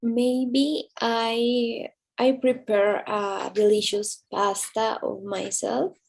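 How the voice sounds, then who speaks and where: Woman, student, hesitant, very slow, gravelly voice, flat delivery. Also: on the high side. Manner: hesitant, slow, searching for words. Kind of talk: answering in class.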